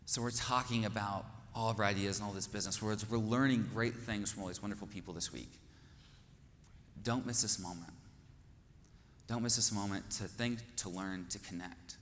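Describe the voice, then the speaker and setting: A man's voice: on the low side, fairly even intonation, normal speed, fairly bright tone. A man from Kansas hosting a conference, giving an earnest, rousing speech full of rhetorical questions on a stage microphone. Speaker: conference host. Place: large hall, on stage. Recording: echoey hall with faint noise.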